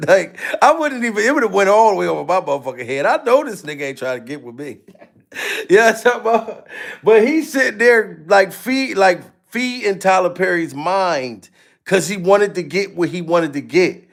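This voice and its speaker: A man's voice: sits high, lively intonation, moderate pace, gravelly. A man giving profane, mocking reaction commentary to a live stream audience, laughing and swearing often.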